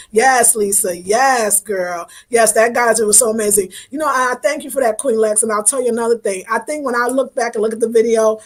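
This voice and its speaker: Woman doing a casual livestream, gushy and warm with her viewers, a bit higher pitched, gets emotional. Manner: effusive and affectionate, thanking viewers by name; emotional, voice wavering at times. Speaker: livestream host reading viewer comments.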